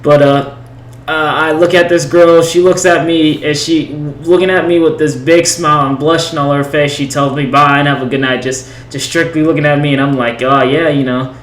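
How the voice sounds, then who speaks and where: A man's voice: a little high, steady tone, a little fast, echoey room, a little hiss or hum, rough recording. A young man casually telling a long personal story over gameplay, rambling with lots of restarts and fillers.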